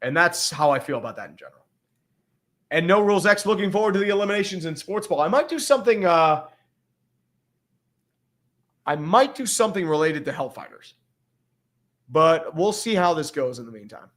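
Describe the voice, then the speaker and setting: A man's voice: fairly high pitch, lively intonation, fairly quick, long pauses, a bit bright. A man hosting a casual sports livestream, talking in a blunt, rambling, profanity-heavy way. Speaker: podcast host.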